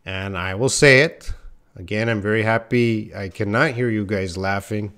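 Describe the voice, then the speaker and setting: A man's voice: lowish voice, moderate pace, a bit bright, clean tone. A man giving a casual live-stream lesson, chatting to viewers by name and laughing at his own slips. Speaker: English teacher.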